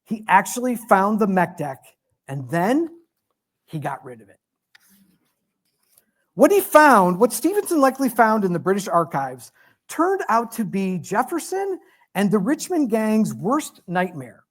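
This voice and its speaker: A man giving a storytelling lecture as a guest speaker in a museum lecture hall, animated and joking at his own expense. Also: sits high, unhurried. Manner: animated, self-deprecating humor.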